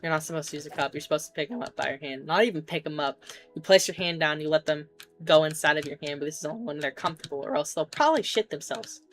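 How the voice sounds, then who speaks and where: Low-voiced woman streamer telling a rambling story. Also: quick pace, soft background music. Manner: rambling, swears casually, jokey asides. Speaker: game streamer. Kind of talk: casual storytelling while gaming. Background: keyboard typing and clicks.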